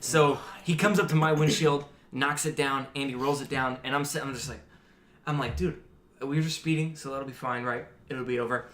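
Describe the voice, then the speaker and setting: A young man chats with his friends on a podcast and spins a long, animated story. He swears freely and acts out the lines of the people in it. His mid-pitched voice echoes around a roomy space. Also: brisk. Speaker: podcast host. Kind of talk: casual storytelling among friends. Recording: roomy echo.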